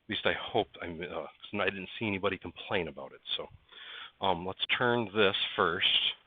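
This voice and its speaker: A man's voice: sits low, normal speed, breathy edge, no room sound. A man hosting a casual livestream from his workshop, chatting with viewers by name while he works. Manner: chatty, greets viewers by name, coaxes parts while working. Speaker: livestream host. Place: workshop barn indoors. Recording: dry, tinny phone-like sound.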